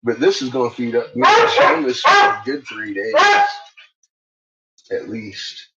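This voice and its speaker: Animated, slow-talking home cook vlogger. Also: mid-range voice, creaky, slight background noise. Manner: animated, laughs often, swears, coos at pets. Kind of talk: casual cooking vlog. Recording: dull lo-fi audio with loud dogs and clicks.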